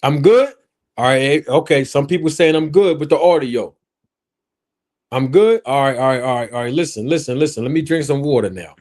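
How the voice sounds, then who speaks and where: Man, live stream host, casual chat, animated and joking, talks straight to his chat. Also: mid-range voice, fairly quick. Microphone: own streaming microphone.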